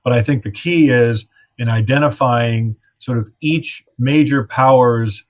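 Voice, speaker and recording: A man's voice: medium pitch, unhurried. A man giving expert commentary as a guest, hedging with "sort of" and repeated words. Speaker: think-tank guest.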